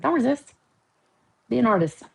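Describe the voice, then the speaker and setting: A woman's voice: a little high, big pitch swings, moderate pace, vocal fry, breathy edge, low-quality recording. A woman hosting a casual livestream from home, chatting, joking and teasing as she talks. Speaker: livestream host. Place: at home, painting her nails.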